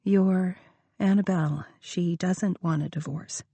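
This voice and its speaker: A woman's voice: fairly low pitch, steady tone, unhurried, warm tone, husky, dry recording. A woman reading the part of a young woman who has been deceived by her lover, speaking emotionally and accusingly. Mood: hurt.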